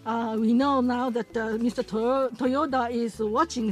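A woman interprets a program into English on the fly, her high voice pausing and filling gaps as she keeps up. Soft music plays faintly behind her. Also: fairly even intonation, low-quality recording. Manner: halting, with frequent pauses and fillers.

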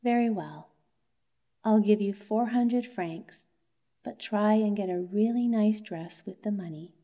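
A woman's voice: mid-range voice, a little slow, highs cut off, close to an everyday voice. A woman reading as an earnest, coaxing young clerk husband. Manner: coaxing, gently insistent. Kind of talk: bedtime story reading.

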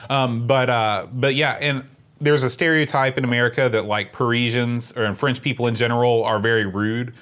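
A man's voice: mid-range voice, steady tone, normal speed, a bit bright. A man from Virginia, co-hosting a casual chat and telling travel stories in an easygoing, self-mocking way. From West Virginia. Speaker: podcast co-host.

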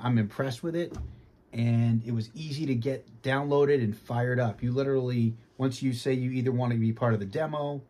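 A man from Boston with a faint Boston accent, giving an easygoing casual review from his home sim cockpit and often clearing his throat. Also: mid-range voice, dark tone. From Boston, United States. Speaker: flight sim hobbyist.

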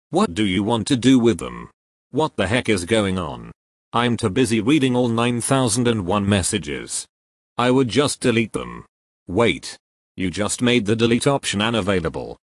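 Joke error messages come from a synthetic male voice, lowish in register and read with flat, machine-like evenness at a steady pace. It sounds close and totally dry, with no room sound at all, and that computerized steadiness never wavers.

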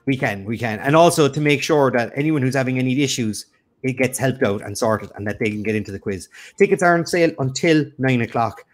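A man's voice: mid-range voice, a little fast. A man co-hosts a live quiz stream in casual, rambling chat. He teases his partner and often restarts his sentences. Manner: teasing, rambling, many restarts. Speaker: quiz show co-host.

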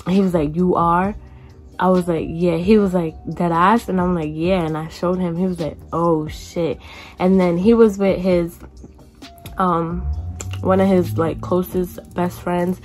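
A young woman vlogger telling a casual storytime, chatty, with lots of "like" and some casual cursing. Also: fairly low pitch. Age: young adult.

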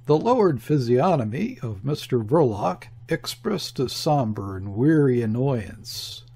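Slow, gravelly male narrator. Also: mid-range voice, sing-song, dark tone. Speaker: audiobook narrator. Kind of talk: unabridged novel reading.

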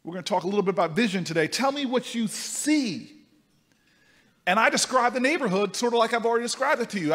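A man giving a speech to a live conference audience, telling a story with animated swings between loud and soft. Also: high voice. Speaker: speaker at a conference. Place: large conference hall. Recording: reverberant hall.

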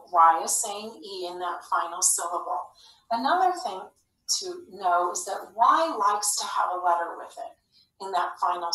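A woman teaching a phonics lesson to young children, speaking slowly and clearly with an encouraging classroom manner. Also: mid-range voice, pushed and bright. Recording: echoey room, slightly far from mic.

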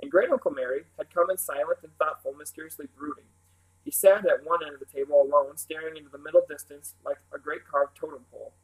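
A man with a somewhat high voice reads a children's novel aloud. His delivery is unpolished, with small stumbles that he goes back and fixes. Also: steady tone, fast, poor audio. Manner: unpolished, stumbles and corrects himself. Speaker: reader.

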